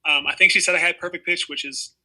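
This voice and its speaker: A man's voice: high-pitched, fairly even intonation, fast talker, bright, forceful tone, rough recording. A man in his twenties, an actor being interviewed, telling stories casually with lots of fillers and restarts. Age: 20s. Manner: rambling, heavy on fillers like "you know". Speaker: actor guest.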